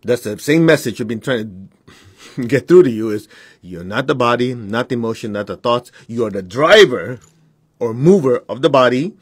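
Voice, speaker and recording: A man's voice: medium pitch, animated, moderate pace, husky, dry recording, clean studio sound. A man teaching his followers in a blunt, direct way, with short laughs between points. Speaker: spiritual teacher.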